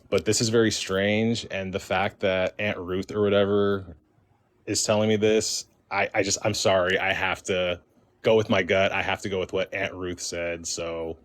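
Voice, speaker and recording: A man's voice: deep voice, steady tone, normal speed. A man casually telling a true ghost encounter as a caller on a live stream, rambling with many fillers and quoting the conversations himself. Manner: rambling, heavy with fillers and restarts, quotes himself and others. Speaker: caller sharing a paranormal experience. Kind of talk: casual spoken storytelling. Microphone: phone or stream mic.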